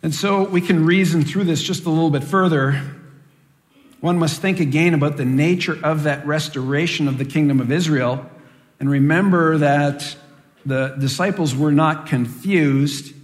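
Measured preacher with a long hall echo. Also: male voice, fairly high pitch. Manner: measured and deliberate, with rhetorical questions. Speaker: preacher teaching from Acts. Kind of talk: expository Bible teaching.

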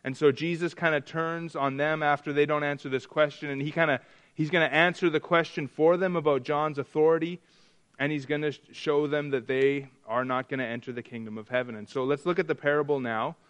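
A man with a somewhat high, clear and resonant voice preaches in a church, talking a little fast with fairly even intonation and a slightly bright tone. His sermon is interactive and conversational: he chats with the congregation, poses questions to them, and frequently restarts and repeats his sentences.

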